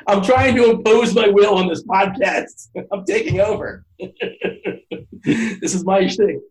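A man's voice: high-pitched, a little slow, rough recording. A man co-hosting a casual podcast chat, rambling with frequent restarts and lots of laughter. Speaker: podcast co-host.

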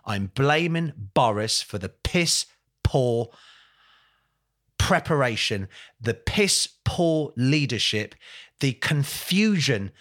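This podcast guest has a medium-pitched, slightly bright voice. He recounts his story passionately in the interview, swearing bluntly and rising to angry emphasis, while repeating phrases, speaking in lists and saying mate a lot.

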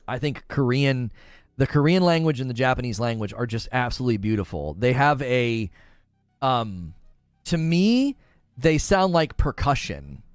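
A man's voice: mid-range voice, sing-song, moderate pace, clear, resonant tone, no room sound, studio quality. A man hosting a live stream, chatting casually and reading out viewer comments with frequent laughs. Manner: chatty, laughs often, reads chat aloud. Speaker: streamer host.

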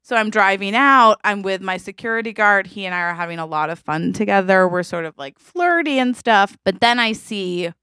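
A woman's voice: mid-range voice, normal speed, hardly any pauses, smooth, no echo, clean studio sound. A woman co-hosting a podcast, improvising a comic story and acting out the characters, laughing often. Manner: animated, laughs often, acts out quoted characters. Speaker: podcast co-host.

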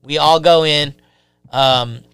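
A young man telling a story in casual chat, profane and animated, acting out the voices of the people in it. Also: a little high, takes it slowly, clear, resonant tone, no room sound.

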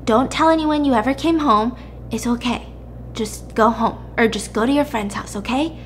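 A woman doing a soft-spoken young man soothing his sister. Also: fairly high pitch, normal speed, a little hiss or hum, natural voice.

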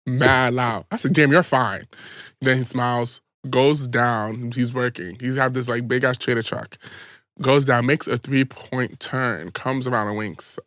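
A man's voice: mid-range voice, fairly even intonation, a bit bright, no echo, clean studio sound. A man co-hosting a podcast, bantering and teasing in casual chat while he tells the trip story. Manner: sassy banter, quick asides, teasing. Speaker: podcast co-host.

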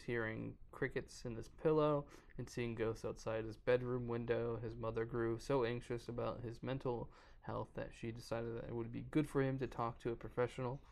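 A man's voice: mid-range voice, creaky, darkish tone. A man hosting a podcast, casually reading a horror story aloud and stumbling over words now and then. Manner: reads aloud, stumbles, breaks off to joke. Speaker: podcast host.

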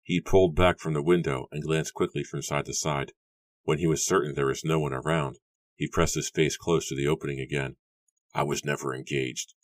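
Very deep-voiced man narrating an audiobook. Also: fairly even intonation, brisk, no echo. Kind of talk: scripted narration.

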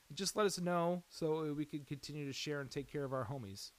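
A man's voice: a little high, moderate pace, hardly any pauses, rough recording. A man reading a scripted announcement before his podcast, earnest and caring in tone. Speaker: podcast host.

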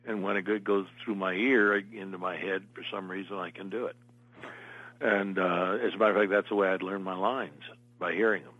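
A man's voice: deep voice, fairly even intonation, a little fast, fairly bright tone, highs cut off. An older man, an actor, telling long meandering stories as an interview guest. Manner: meandering anecdotal storyteller. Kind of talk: casual interview storytelling.

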